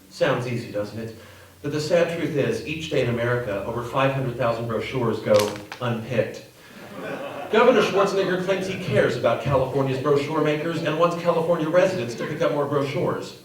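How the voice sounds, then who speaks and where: A male comedian doing rapid-fire stand-up in a mock-earnest announcer manner. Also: medium pitch, expressive. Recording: live comedy club, echoey, mic far off.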